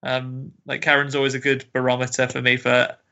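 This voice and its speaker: A man's voice: mid-range voice, monotone, a little fast, gravelly, bright, forceful tone, dull audio. A man co-hosting a podcast in casual chat, rambling and laughing easily. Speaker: podcast co-host.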